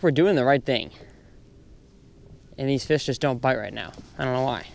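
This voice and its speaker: A man vlogging from a boat on a lake, chatting and excitable as he explains how he practices for fishing tournaments. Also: medium pitch, moderate pace, gravelly, pauses often, slight background noise. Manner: chatty and excitable, thinking aloud. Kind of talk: casual vlog with fishing tips.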